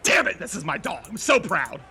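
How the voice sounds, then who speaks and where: A young man giving casual play-by-play commentary of a video game, excitable and bursting into shouts on big plays. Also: high-pitched, normal speed, gravelly. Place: library. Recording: noisy background.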